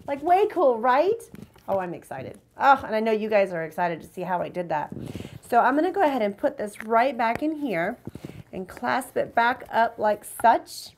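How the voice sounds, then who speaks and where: Bubbly high-voiced woman crafting host. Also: big pitch swings, normal speed, a little hiss or hum. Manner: bubbly, enthusiastic, chatty. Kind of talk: card-making tutorial.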